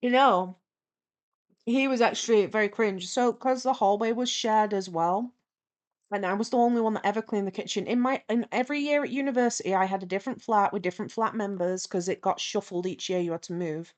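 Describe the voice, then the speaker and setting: A woman's voice: mid-range voice, fairly quick. Chatty woman telling a story. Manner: chatty, animated retelling with lively quoted dialogue. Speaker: streamer. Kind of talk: casual storytelling while animating.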